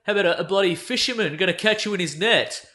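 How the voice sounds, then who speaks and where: A man with a bright, slightly high voice co-hosts a casual comedy podcast. He reads comic captions aloud and breaks off into animated, jokey asides. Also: fast talker. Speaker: podcast co-host reading a comic.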